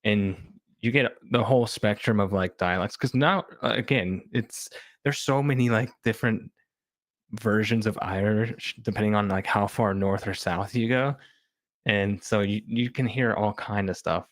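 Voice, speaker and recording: Low-voiced man chatting casually. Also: moderate pace, dry recording, studio quality. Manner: rambling, filler-heavy, thinks aloud. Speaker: podcast cast member. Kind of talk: casual chat.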